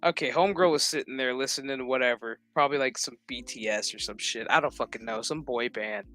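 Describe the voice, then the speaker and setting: A man's voice: medium pitch, quick pace, bright, forceful tone, faint music behind. A man casually recapping a TV episode, rambling and swearing while acting out what the characters say. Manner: profane, rambling retelling that acts out quotes. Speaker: show recap vlogger.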